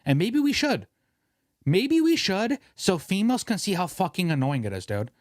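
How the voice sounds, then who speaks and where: A young man hosting a casual podcast, ranting in an animated way and swearing freely. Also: high-pitched, normal speed, no echo, clean studio sound. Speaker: podcast host.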